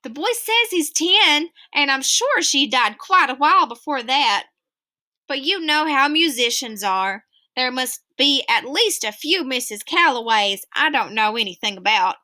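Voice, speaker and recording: A woman voicing a playful older man who teases a boy with slow, drawling jokes. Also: very high-pitched, expressive, sharp tone, heavily acted. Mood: musing. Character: teasing older man, grandfatherly joker.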